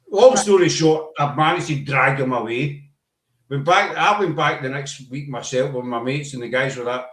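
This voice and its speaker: A man telling a casual anecdote in a lively way, acting out what people said. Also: mid-range voice, moderate pace, far from the mic. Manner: animated storytelling, acting out quoted people. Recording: roomy echo.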